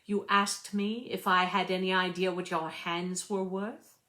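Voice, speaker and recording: A woman's voice: fairly low pitch, expressive, unhurried, vocal fry, bright, forceful tone, full character voice. A woman voicing a stiff, condescending British male chef who speaks in clipped, over-enunciated words. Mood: curt.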